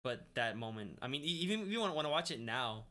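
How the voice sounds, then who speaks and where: A young man co-hosting a casual podcast, talking excitedly, swearing freely and often restarting his sentences. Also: mid-range voice, quick pace. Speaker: podcast co-host. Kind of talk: casual chat.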